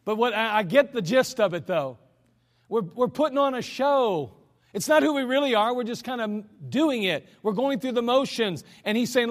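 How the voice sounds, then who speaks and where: A man's voice: extremely high pitch, expressive, moderate pace. A male pastor preaching a sermon in a folksy, emphatic way, with chuckling asides, in a church sanctuary. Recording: long hall reverb.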